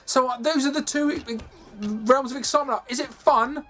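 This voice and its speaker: A man's voice: very high voice, moderate pace, pushed and bright. A man ranting in a sweary, exasperated way as he reviews a game over gameplay, from his games room at home. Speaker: gaming video host.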